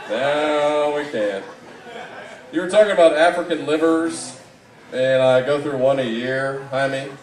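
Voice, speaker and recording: A man delivering a live comedy roast set in a mocking, rambling way, with sudden loud outbursts. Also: medium pitch, fairly even intonation, normal speed. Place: live event room. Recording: echoey room, distant mic, audible background.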